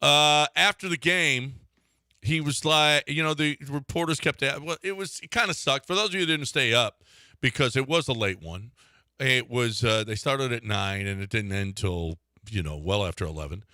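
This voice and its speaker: A man's voice: medium pitch, bright, forceful tone, no echo. A man hosting a sports radio show from a studio, joking and sarcastic in casual chat. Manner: joking, sarcastic, quick asides. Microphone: studio microphone.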